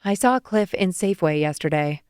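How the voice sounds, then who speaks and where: A woman voicing a caring, fussing middle-aged mother on the phone, brisk and gently teasing. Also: fairly low pitch, lively intonation, smooth, no echo, studio quality, close to an everyday voice. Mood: motherly.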